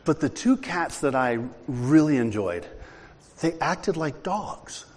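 Lively-voiced man preaching in a reverberant hall. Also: on the high side, takes it slowly. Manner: conversational storytelling, joking with congregation. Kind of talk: sermon.

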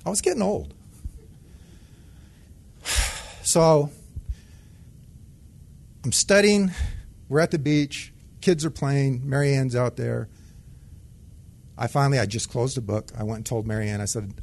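A retired Air Force sergeant telling a personal testimony in a conversational way and acting out the dialogue. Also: male voice, medium pitch, measured pace, gravelly, long pauses, darkish tone. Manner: conversational storytelling that acts out dialogue.

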